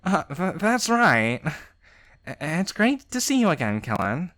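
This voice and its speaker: A man's voice: high voice, big pitch swings, measured pace, a bit bright, voice pushed up, exaggerated voice. A man voicing a cheerful, shy teenage girl in a visual novel, stammering and eager. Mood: flustered.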